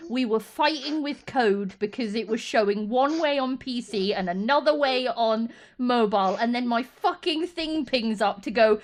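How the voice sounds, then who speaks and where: A woman hosting a casual podcast chat, animated and swearing freely as she acts out exchanges. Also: fairly high pitch, normal speed, few pauses. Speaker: podcast host.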